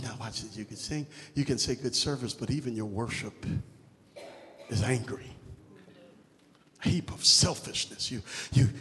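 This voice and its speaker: A man preaching a sermon, moving between hushed teaching and shouted, rhythmic exhortation with call-and-response refrains. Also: mid-range voice, in a large hall.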